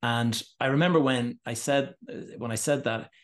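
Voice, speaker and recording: A man hosting a podcast, sharing a personal story in a relaxed way and asking his guest follow-up questions. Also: medium pitch, moderate pace. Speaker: podcast host. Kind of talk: conversational interview.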